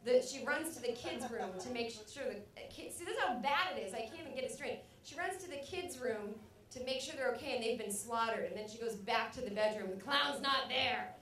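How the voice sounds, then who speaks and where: A young woman rambles through a stand-up set, mocking herself and breaking into loud acted outbursts. Her voice sits a little high. She is heard from a distance in an echoey club. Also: brisk. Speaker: stand-up comedian. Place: comedy club stage. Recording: echoey club recording from afar.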